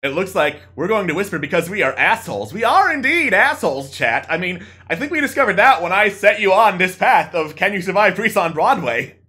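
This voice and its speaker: Animated, bright-voiced male streamer. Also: high voice, fairly quick, hardly any pauses. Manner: animated and mock-dramatic. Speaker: streamer narrating a text adventure. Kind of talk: playful game narration to chat.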